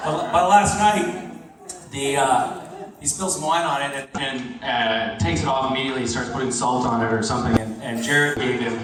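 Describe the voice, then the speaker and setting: A man's voice: medium pitch, normal speed, far from the mic, heavy background noise. A man on a convention panel telling a rambling funny story through a stage mic. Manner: rambling anecdotes, mimics others. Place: large convention hall stage. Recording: echoey hall taped from the audience.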